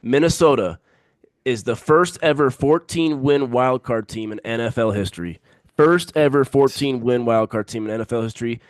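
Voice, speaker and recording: A man's voice: medium pitch, moderate pace, dry recording, studio quality. A man co-hosting a sports podcast in casual banter, emphatic and repeating his picks for effect.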